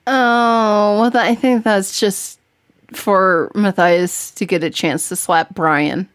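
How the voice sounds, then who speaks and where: A woman's voice: mid-range voice, steady tone, takes it slowly, clean tone, no echo, studio quality. A woman hosting a podcast in casual chat, giggling often and rambling as she talks. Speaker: podcast host.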